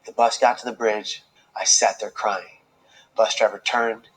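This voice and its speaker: A man telling his own life story as a speaker, earnest and slow, with dramatic pauses. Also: lowish voice, steady tone, fairly bright tone, low-quality recording. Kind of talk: emotional personal storytelling speech.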